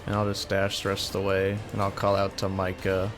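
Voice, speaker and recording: A man's voice: low voice, completely flat delivery, a little fast, a bit bright, faint music behind. A man playing a tabletop role-playing game, talking in a casual, offhand way. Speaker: player.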